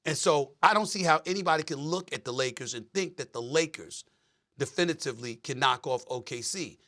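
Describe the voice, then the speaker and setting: A man giving televised sports analysis, making measured, emphatic points. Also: fairly high pitch, expressive, a bit bright. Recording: broadcast clip with faint music.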